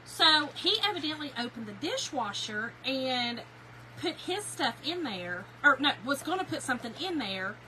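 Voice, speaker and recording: A woman's voice: high voice, big pitch swings, moderate pace, bright, forceful tone, poor audio. A woman, hosting a casual craft live stream and telling a home story to her viewers in a chatty way. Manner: chatty storyteller, talks straight to viewers and greets them by name. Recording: noticeable background noise.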